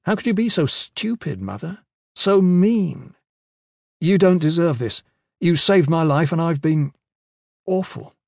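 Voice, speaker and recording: A man voicing an anxious, earnest teenage boy in an audiobook, with an eager voice that rises high. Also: lively intonation, unhurried, creaky, pauses often, darkish tone, dry recording, clean studio sound, full character voice. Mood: ashamed. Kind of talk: audiobook character voice.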